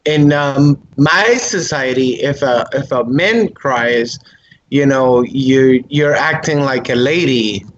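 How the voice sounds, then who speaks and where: A man from Rico, hosting a casual podcast chat and searching haltingly for his words. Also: mid-range voice. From Puerto Rico. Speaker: podcast host. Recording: muffled lo-fi with faint hiss.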